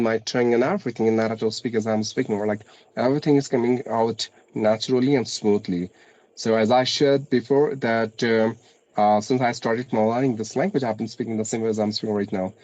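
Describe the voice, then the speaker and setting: Measured Indian man in a dry room. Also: mid-range voice, steady tone, a little mellow, no room sound, poor audio. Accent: Indian English, mixed with American and British. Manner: measured, explanatory, frequent uh fillers and restarts. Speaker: English conversation partner. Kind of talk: casual conversational interview.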